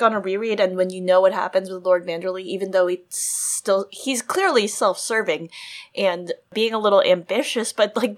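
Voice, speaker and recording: A woman co-hosting a casual book discussion, earnest and reflective, with many fillers. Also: medium pitch. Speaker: podcast co-host.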